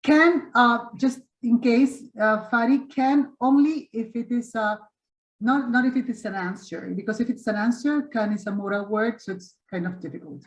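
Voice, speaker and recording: A woman's voice: a little high, normal speed, roomy sound, highs cut off. Encouraging woman teaching English online. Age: middle-aged. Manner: encouraging, repeats and corrects students. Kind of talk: online webinar class. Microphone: video call.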